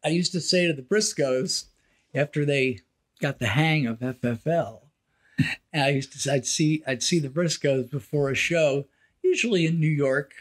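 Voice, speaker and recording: A man's voice: a little high, normal speed. An older man co-hosting a podcast, telling family stories in casual chat and acting out the quotes. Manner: animated storyteller, acts out quotes in a raised voice. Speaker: podcast co-host.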